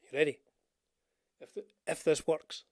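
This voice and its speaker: Against some background noise, an older Scottish livestream host talks in an unhurried, steady voice on the high side. His casual chat wanders, with frequent restarts and asides.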